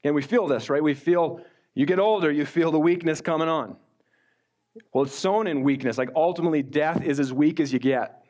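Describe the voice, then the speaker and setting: A middle-aged male pastor preaching a sermon in a conversational way, slowing down when he reads scripture aloud. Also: on the high side, a little mellow.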